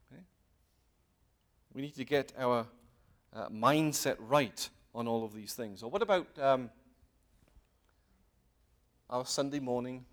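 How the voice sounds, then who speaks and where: A man's voice: mid-range voice, sharp tone. A man giving an earnest sermon to a congregation, often posing questions and pressing his points with emphatic rises. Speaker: lay preacher. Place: meeting hall with congregation.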